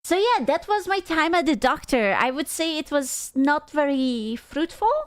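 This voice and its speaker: A young woman streamer telling a story casually to her chat, animated, laughing often and swearing freely. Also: sits high, a little slow, dry recording, clean studio sound. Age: young adult.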